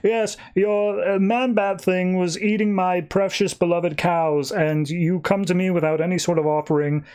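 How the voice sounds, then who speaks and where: A man's voice: high-pitched, steady tone, moderate pace, few pauses, darkish tone, smooth, pitched above the performer's own voice, close to an everyday voice. A man voicing a rich, pompous male king who talks down to others in a blustering way. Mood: condescending.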